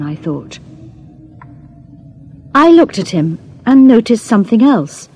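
Woman narrating a simple story, slow and clear, lots of pitch movement. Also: big pitch swings, a little mellow, a little hiss or hum. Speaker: audiobook narrator. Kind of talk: scripted narration of a graded reader story.

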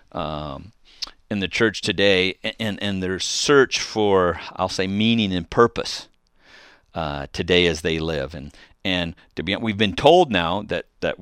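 A man's voice: low voice, a bit bright, clear, resonant tone, no echo, clean studio sound. A middle-aged man hosting a call-in radio show on faith, talking earnestly and exhorting listeners, often restarting his phrases.

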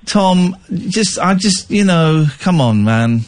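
A man's voice: animated, slow pace, background noise. A man hosting a late-night radio phone-in, chatting in a rambling, self-mocking way on a close studio mic. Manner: rambling, self-mocking, jumps between pitches. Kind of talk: casual talk radio chat. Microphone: close studio microphone.

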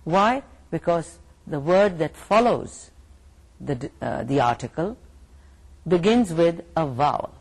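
A middle-aged woman with a Pakistani English accent giving a university English lecture, slow and deliberate, repeating and rephrasing her points. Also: low-pitched, lively intonation, a little mellow. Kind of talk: recorded lecture.

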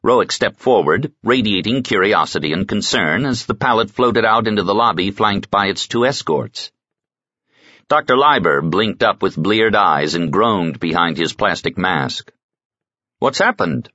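Deep, husky male audiobook narrator. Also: expressive, a little slow, bright, forceful tone, dry recording, dull audio. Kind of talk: scripted narration.

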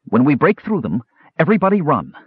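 A man's voice: on the high side, huge pitch swings, a little fast, husky, dry recording, highs cut off, pitched above the performer's own voice, heavily acted. A man voicing a bold young woman warrior, urgent and commanding.

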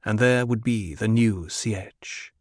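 A man narrating a novel in an even, descriptive reading. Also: fairly low pitch, slow pace, no echo, studio quality. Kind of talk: audiobook narration.

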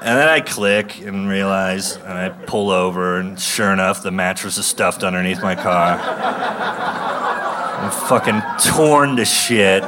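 A man's voice: low voice, measured pace, very noisy. A man in his thirties telling a stand-up comedy story with a ranting delivery that breaks into bursts of mock rage. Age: 30s.

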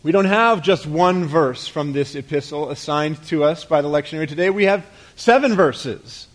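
A pastor delivers a sermon in a slightly high voice at a moderate pace. His preaching feels conversational, full of rhetorical questions, with soft drops at the ends of phrases.

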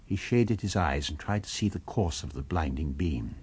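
A man narrating a novel in a measured storytelling manner. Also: low voice, lively intonation, darkish tone, husky. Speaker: audiobook narrator. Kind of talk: scripted narration.

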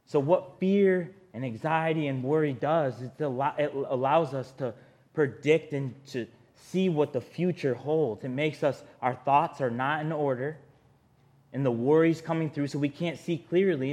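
A man's voice: a little high, a little mellow. A man preaching a sermon in an earnest, conversational way, often speaking straight to his listeners.

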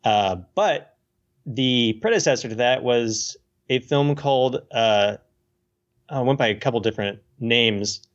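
A man co-hosting a casual podcast about films, explaining in a rambling, hesitant way with many pauses. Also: medium pitch, fairly bright tone, muffled recording. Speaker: podcast co-host.

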